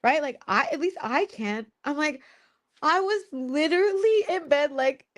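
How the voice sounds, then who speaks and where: A woman's voice: high-pitched, animated, a little slow. A young woman hosting a live stream, chatting casually with viewers in a blunt, teasing way, swearing and laughing often. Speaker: host of a live spiritual Q&A stream.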